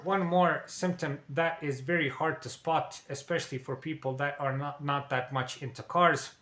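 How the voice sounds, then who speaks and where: Bright-voiced man explaining car repairs. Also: fairly high pitch, echoey room. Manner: repeats "okay?" and addresses "dear viewers". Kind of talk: instructional explainer.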